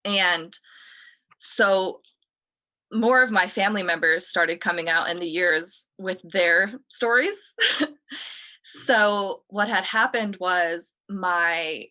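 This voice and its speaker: A woman with a lower-pitched voice and a bright, forward tone. She tells a story as a guest on a talk show. Her delivery is casual and chatty, and she keeps dropping in "like" and "you know". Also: slow pace. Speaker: guest telling a ghost story.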